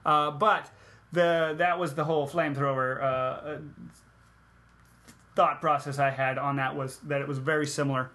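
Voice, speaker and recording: A man with a slightly high voice chats about a film he picks apart. He is sarcastic, mocks the plot, and slips into little put-on voices to replay its scenes. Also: fairly even intonation, normal speed, pushed and bright. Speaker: podcast co-host. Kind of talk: casual movie review chat.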